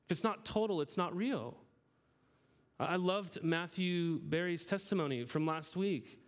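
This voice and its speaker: A man's voice: sits high, a little slow. A man in his thirties preaching a sermon in an earnest, conversational way, often repeating words as he starts a sentence. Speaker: pastor.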